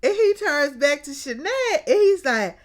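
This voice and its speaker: A woman's voice: sits high, measured pace. A woman casually recapping a TV episode in a chatty, colloquial way, laughing often and calling her listeners baby and child. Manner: animated, laughs often, drawls out exclamations.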